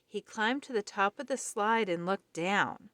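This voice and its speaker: A woman reading a children's picture book aloud in a gentle, friendly way. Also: mid-range voice, measured pace, no room sound. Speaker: storybook reader.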